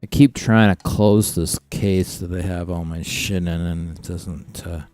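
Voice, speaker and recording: Man, game streamer, unhurried drawl, blunt and profane, faint music underneath. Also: deep voice, steady tone, a little mellow. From Saskatchewan, Canada. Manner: blunt, swears freely, chats to his dog. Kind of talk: casual live gameplay commentary.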